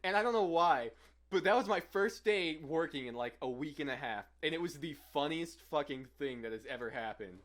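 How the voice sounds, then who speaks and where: A man's voice: a little high, animated, brisk, a bit bright. A young man co-hosting a podcast, telling long rambling stories in casual chat, swearing freely and laughing between lines. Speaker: podcast co-host.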